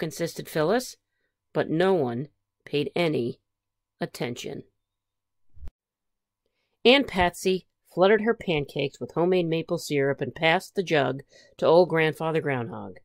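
Animated woman reading a storybook aloud. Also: low-pitched, measured pace, no room sound, clean studio sound. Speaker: storybook reader. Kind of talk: children's read-aloud narration.

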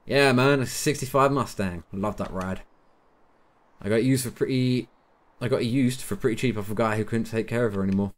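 A man's voice: medium pitch, a little fast, natural voice. A man doing a laid-back mechanic with a fake American drawl. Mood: easygoing. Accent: put-on American. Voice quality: casual drawl, calls everyone man. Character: laid-back male small-town mechanic, friendly.

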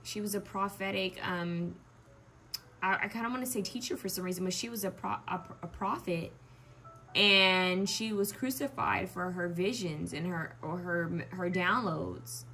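A woman's voice: fairly low pitch, measured pace, bright, forceful tone, a little hiss or hum. A young woman giving a pick-a-card tarot reading, musing aloud with frequent restarts and ums. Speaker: tarot reader.

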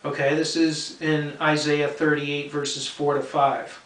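A man's voice: a little high, level tone, slow, hardly any pauses, a bit bright, distant mic. A man teaching the Bible in an earnest, explanatory way. He often checks in with "okay?" and repeats key points for emphasis. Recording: roomy sound from off-mic.

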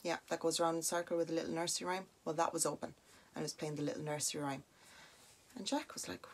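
A young Irish woman hosting a podcast, telling a story in a chatty, animated way full of "like" and "now" asides. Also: deep voice, fast talker. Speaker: podcast host. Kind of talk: casual spoken storytelling.

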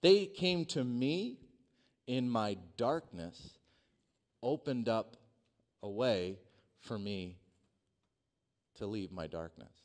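A man preaching a sermon, telling a personal story in a dynamic way that swings from hushed to loud. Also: mid-range voice. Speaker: pastor. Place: church sanctuary.

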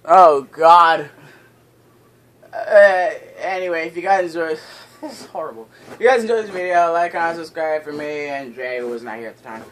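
A man hosting a casual co-op gameplay commentary, excitable and swearing a lot, yelping and laughing at mishaps. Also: on the high side, moderate pace, poor audio. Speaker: gaming channel host. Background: loud game music.

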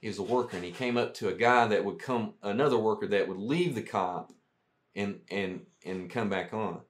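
A man's voice: lowish voice, moderate pace. A man, a veteran guest, telling profane, rambling war stories in casual talk. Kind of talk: casual storytelling.

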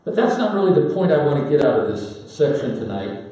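A man's voice: on the high side, big pitch swings, dark tone, recorded from a distance. Folksy preacher man in an echoey hall. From Pacific Northwest, United States. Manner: folksy storytelling with dramatic pauses. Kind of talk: sermon.

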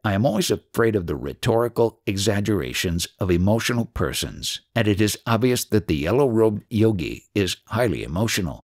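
Man, audiobook narration, measured, lively pitch, dry. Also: dry recording.

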